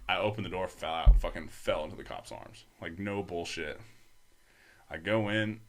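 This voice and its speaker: A young man with a very low voice tells a long story as a podcast guest. He talks loosely and profanely, with many fillers. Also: moderate pace. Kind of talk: casual storytelling.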